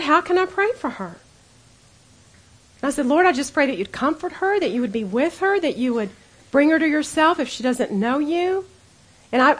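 High-voiced woman telling prayer stories at a ladies' bible talk, earnest and chatty. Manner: earnest, conversational, acts out her own prayers in a hushed voice. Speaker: women's Bible teacher. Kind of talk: storytelling sermon to women.

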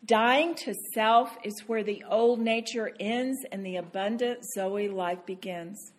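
A woman teaching a sermon to women, animated and self-deprecating, laughing often as she talks. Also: medium pitch, unhurried.

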